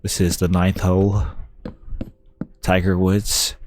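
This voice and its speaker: A man with a Kentucky Southern accent imitating a calm, soothing male golf commentator. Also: low-pitched, slow, slight background noise.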